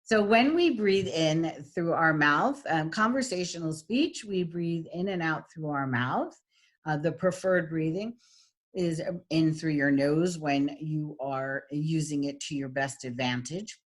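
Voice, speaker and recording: In an online lecture about voice qualities, a woman with a low-sitting voice chats along with plenty of fillers. She demonstrates each quality with deliberate exaggeration.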